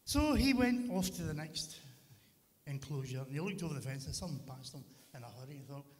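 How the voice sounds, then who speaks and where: A man telling a children's story in a church service, animated and joking with his listeners. His voice is lively and slightly high, swinging up and down. A long church-hall reverb follows every line. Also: brisk, slight background noise. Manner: animated, jokes with the congregation.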